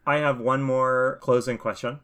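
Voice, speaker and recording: Man, mid-pitched, hosting a chatty podcast; wry quizmaster. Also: steady tone, normal speed, a bit bright, smooth. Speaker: podcast host. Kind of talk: casual podcast chat, quizzing co-hosts.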